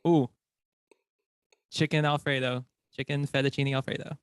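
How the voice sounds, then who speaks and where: Smooth, dry-sounding man from the US. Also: medium pitch, little pitch movement, moderate pace, no room sound. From USA. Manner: short, hesitant answers with many fillers. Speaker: guest. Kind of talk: casual interview answers.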